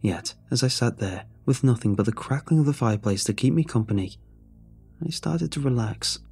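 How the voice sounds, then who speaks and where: A man narrating a horror story in a measured, brooding way. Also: medium pitch, lively intonation, vocal fry, darkish tone, husky, soft background music.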